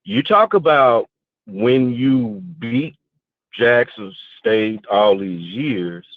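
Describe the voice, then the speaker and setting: A man phones in to a sports show and walks his point through with leading questions. He speaks slowly, his pitch rising and falling a lot. The line is tinny and dry, like a phone call. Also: no echo. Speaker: caller. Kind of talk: call-in debate.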